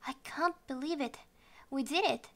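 A woman's voice: high voice, animated, normal speed. A woman voicing Black Ball, a brave little ball. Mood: overjoyed.

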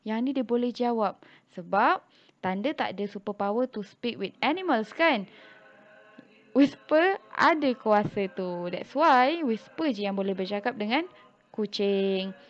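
A young Malaysian woman teaching English to young children. She walks through a storybook slowly and repeats each line in a second language. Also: mid-range voice, animated. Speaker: primary school English teacher. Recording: dull lo-fi recording.

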